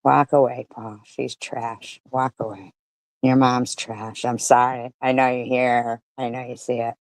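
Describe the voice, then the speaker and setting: A woman gives angry live-stream commentary, ranting furiously and profanely, swinging between loud outbursts and low mutters. Her delivery is flat and a little slow, and there's no room sound.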